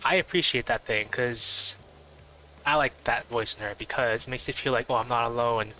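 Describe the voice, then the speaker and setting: Nasal, bright-voiced male streamer. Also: medium pitch, moderate pace, slight background noise, rough recording. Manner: rambling, thinking out loud with many fillers. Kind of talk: casual stream chat.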